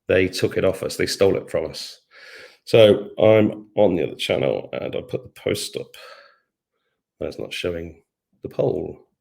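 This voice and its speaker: A man's voice: sits low, expressive, unhurried, gravelly, a little mellow. A middle-aged man hosting a live stream from his home kitchen, chatting casually, reading comments, humming to himself and swearing now and then. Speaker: host of an online live show.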